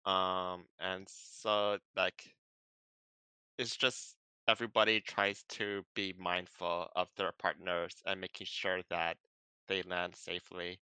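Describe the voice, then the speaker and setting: A man chatting casually on a podcast, his voice bright and crisp, a touch low in pitch. He explains things in a relaxed way, full of ums and likes. The sound is dry and close. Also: slow pace, no echo. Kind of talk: casual chat.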